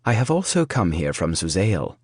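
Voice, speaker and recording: Narrator voicing a suave, teasing merchant; gentle, low, dry. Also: male voice, sing-song, moderate pace, breathy edge, dry recording, full character voice. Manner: gentle, mildly mocking. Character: sly, genteel male merchant with hidden purpose.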